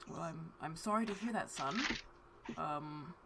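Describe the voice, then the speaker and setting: A woman voicing a stern, reserved older nobleman who speaks quietly, in measured and formal sentences, in a tabletop role-play game. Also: deep voice, very noisy, voice pushed down. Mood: grave.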